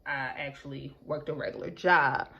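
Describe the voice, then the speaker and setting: A woman's voice: low-pitched, fairly even intonation, normal speed, vocal fry, bright, forceful tone, lo-fi sound. A young woman vlogging, telling a rambling personal story while she does her makeup, talking straight to her viewers. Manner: chatty, rambling, addresses viewers as girl and y'all.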